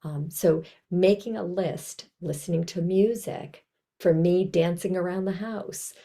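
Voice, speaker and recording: A woman presenting a trauma training over a video call, teaching in a gentle, reflective, conversational way with soft self-talk asides. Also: fairly low pitch, steady tone, unhurried, creaky.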